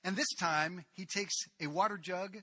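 Bright, high-voiced male preacher. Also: normal speed, husky. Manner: lively storytelling with asides and laughs. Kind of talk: sermon retelling a Bible story.

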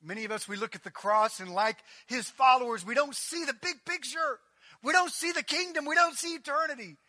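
A man preaching a sermon as a pastor, delivering it with passion and building up to near-shouting on emphatic passages. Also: very high-pitched, brisk, no echo.

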